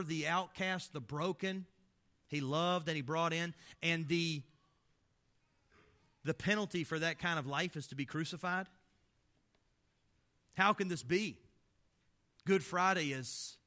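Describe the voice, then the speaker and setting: A man delivers a sermon as a pastor, his voice sitting a bit high with a sharp, bright edge. He preaches with passion and fires off rhetorical questions. His loudness rises for emphasis, then drops into hushed, low passages. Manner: impassioned, full of rhetorical questions, swelling and dropping in loudness.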